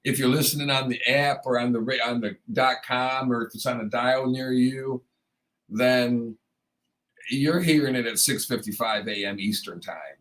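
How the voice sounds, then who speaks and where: A man's voice: mid-range voice, normal speed, a bit bright, low-quality recording. Rambling, joking radio host man. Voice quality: slightly rough, froggy voice. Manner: rambling, joking, self-deprecating. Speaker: radio morning show host. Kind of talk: casual on-air chat. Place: radio studio.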